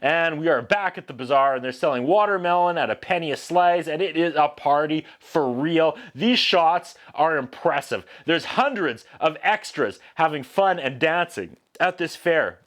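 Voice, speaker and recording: A man with a slightly higher voice recaps an old film in a casual, joking way. He keeps dropping sarcastic, wry asides as he talks the story through. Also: normal speed, few pauses, a bit bright. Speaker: film reviewer host. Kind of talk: casual comedic movie recap.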